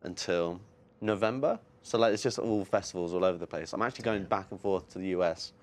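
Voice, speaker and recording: Relaxed low-voiced English man. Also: fast. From near London, England. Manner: laid-back, laughs often, ends phrases with "man". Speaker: musician guest. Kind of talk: casual interview chat. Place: music venue in Las Vegas.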